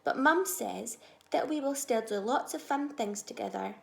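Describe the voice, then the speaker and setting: A woman teacher reading a children's storybook aloud, expressive, moving between soft asides and loud moments. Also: on the high side, normal speed, creaky, echoey room.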